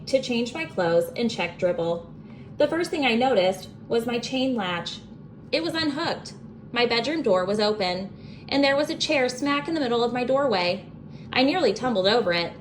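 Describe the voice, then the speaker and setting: A young adult woman reading a children's book aloud as a bedtime story, expressive and animated. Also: on the high side, slight background noise.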